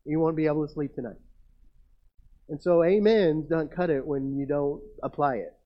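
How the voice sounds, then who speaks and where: Conversational pastor preaching, slightly high voice. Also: male voice, moderate pace, muffled recording. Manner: conversational, teasing the congregation, reading scripture aloud. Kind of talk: sermon.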